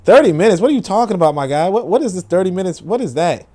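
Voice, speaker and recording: A man's voice: high-pitched, lively intonation, very fast, mellow. A young man hosting a podcast, casually reacting to social media posts, incredulous, laughing and profane, repeating his questions. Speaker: podcast host.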